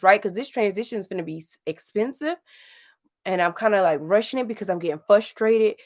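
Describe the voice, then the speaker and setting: A livestream host in her late thirties from St. Louis, Missouri, chats casually and rambles, laughing often. Her voice is medium-pitched and brisk.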